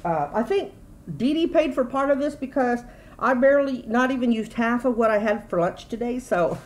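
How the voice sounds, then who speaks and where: A woman's voice: a little high, moderate pace, poor audio. A middle-aged woman, chatting casually and rambling through a grocery haul at home. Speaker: YouTube vlogger.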